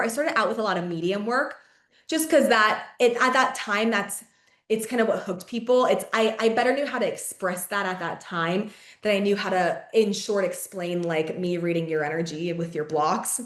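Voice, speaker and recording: A young adult woman hosting a podcast, telling a personal story in casual chat, heavy on fillers, swearing and quick laughs. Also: medium pitch, fairly bright tone, reverberant. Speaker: podcast host.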